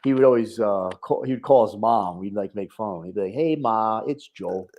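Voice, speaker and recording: A man's voice: fairly low pitch, fairly quick, dull audio, a little hiss or hum. A man with a New York accent, co-hosting a casual podcast chat, swearing freely and leaning on "you know". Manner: laid-back, swearing, lots of "you know". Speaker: podcast co-host.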